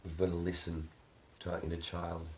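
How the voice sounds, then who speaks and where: A man's voice: low-pitched, completely flat delivery, moderate pace, a little mellow, slight background noise. A man talking casually in a reflective self-help vlog, earnest and coaching, swearing freely.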